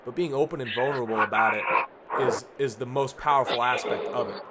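A young man co-hosting a casual talk about faith, earnest and relaxed, saying "like" often. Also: mid-range voice, fairly quick, heavy background noise. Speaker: podcast co-host.

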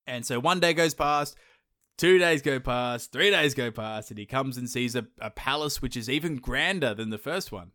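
A man's voice: mid-range voice, moderate pace, no echo. Male podcast host, comic storyteller, dry close mic. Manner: acts out characters in lively put-on voices. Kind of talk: casual comedic storytelling.

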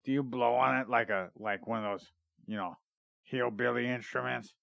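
A man with a gravelly, mid-range voice speaks at normal speed in a muffled recording with no room sound. Hosting a casual comedy podcast, he rambles and jokes, now and then reading his research notes aloud.

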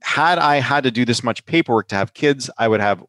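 In a laid-back podcast conversation, a man who is a pharmacist and the show's host talks loosely, laughing and frequently checking "right?" even though a sinus infection has worn him down. He speaks briskly in a fairly bright mid-range voice, recorded without echo.

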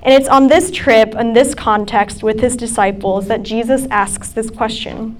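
Young woman preaching to college kids, kinda high voice, super chatty with lots of likes and ums. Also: fairly even intonation, unhurried, few pauses, slight background noise. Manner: casual, chatty preaching with many fillers. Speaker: campus ministry speaker. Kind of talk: sermon talk.

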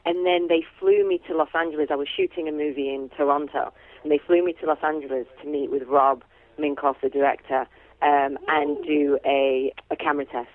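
A woman actress chatting as a guest, warm and chatty with lots of fillers and easy laughs. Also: low-pitched, steady tone, a little fast, no echo. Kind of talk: casual phone interview. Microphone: telephone. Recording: tinny phone line.

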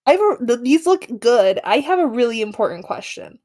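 A woman's voice: on the high side, very animated, a little fast, warm tone, no echo, clean studio sound. A woman co-hosting a podcast in casual chat, giggly and playful, often laughing at her own jokes. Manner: giggly, playful, cracks herself up. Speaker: podcast co-host.

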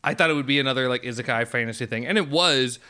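A young man co-hosting a casual anime review chat, excitable and swearing freely as he acts out scenes. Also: mid-range voice, fast, smooth. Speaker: podcast co-host.

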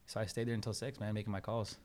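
A fast-talking man tells a personal story in a casual interview, acting out what people said and dropping "bro" and "man" often. His voice sits fairly low. He keeps the talk loose and full of swearing. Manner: animated storyteller, acts out quotes, swears, says "bro" and "man". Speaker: podcast guest.

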